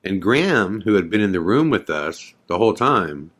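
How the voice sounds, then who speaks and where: Podcast host, male, very low voice, casual rambling storyteller. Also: sing-song, normal speed, a bit bright. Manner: rambling, many fillers.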